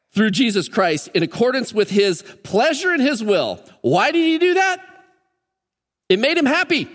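Earnest pastor with a high-ish voice, echoing hall. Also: male voice. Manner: earnest, emphatic, repeats key words in threes. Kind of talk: sermon. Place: church sanctuary during a service. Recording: long reverb of a church hall.

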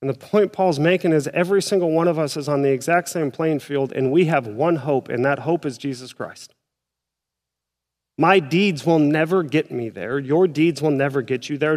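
Man, pastor, sermon, conversational, slightly high voice, long reverb in church hall. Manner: conversational, acting out listeners' doubts. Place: church auditorium.

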